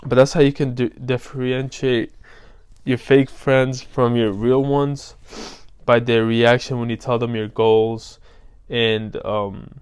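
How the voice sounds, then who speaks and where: A man's voice: mid-range voice, flat delivery, slow, a little mellow, smooth. A young man giving a casual motivational vlog talk as a self-improvement coach, loose and slangy, with lots of fillers.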